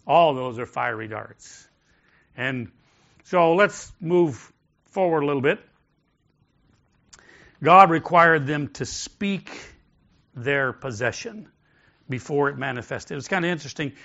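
Preacher guy with a bright forceful voice, kinda high, congregation faint in the back. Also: vocal fry, dull audio. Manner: builds from quiet coaching to loud shouted declarations. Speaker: pastor. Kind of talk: sermon with congregation call-and-response. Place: large church hall with congregation.

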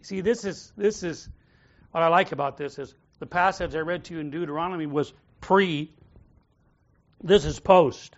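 Male pastor, fairly high voice, preaching to a congregation, dull lo-fi recording. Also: moderate pace. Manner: rhetorical questions, calls on the congregation to repeat phrases. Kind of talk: sermon. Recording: dull lo-fi sound.

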